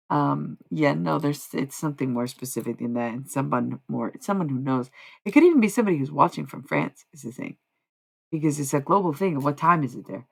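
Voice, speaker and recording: A woman's voice: deep voice, expressive, normal speed, gravelly, slightly rough, low-quality recording. A woman streaming live as a self-described medium, musing in a meandering way and often stopping to correct herself. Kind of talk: rambling livestream monologue.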